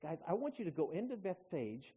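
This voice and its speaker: A calm, assured male teacher gives instructions in a low, quiet, matter-of-fact way, put on by a preacher mid-sermon. His voice sits a bit higher than most men's. The recording is dull and lo-fi. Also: a little fast, slightly rough, full character voice.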